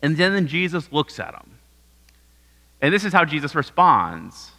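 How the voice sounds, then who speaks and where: A man preaching a sermon as pastor, talking in a conversational, animated way and often checking in with "right?". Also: fairly high pitch, normal speed, creaky. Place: church sanctuary. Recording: echoey church hall.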